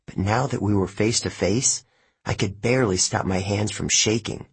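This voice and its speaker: A man reading a first-person novel aloud as an audiobook narrator, measured and steady. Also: fairly low pitch, slightly rough.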